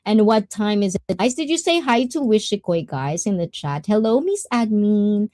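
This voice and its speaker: A woman's voice: medium pitch, animated, moderate pace, dark tone, no room sound. A woman hosting a livestream, chatting casually and greeting viewers in the chat. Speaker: livestream host.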